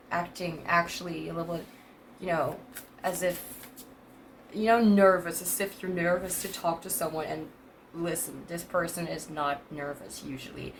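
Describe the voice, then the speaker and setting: A woman's voice: on the low side, a little hiss or hum. A woman in her twenties giving a casual tarot reading, rambling and hesitant with many fillers and restarts, laughing often between thoughts. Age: 20s. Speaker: tarot reader.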